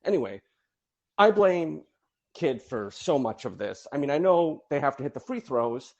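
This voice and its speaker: Guy calling in, wry and quick, pitch jumps all over. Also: very animated, dull audio. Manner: wry, quick opinions, laughs at his own jokes. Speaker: caller. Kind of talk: casual call-in chat.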